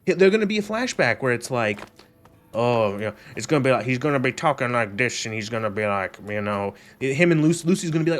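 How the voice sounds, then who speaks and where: A man's voice: mid-range voice, lively intonation, quick pace, soft background music. A young man on a gaming stream, rambling sarcastically with lots of swearing and laughter. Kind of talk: casual gaming stream commentary.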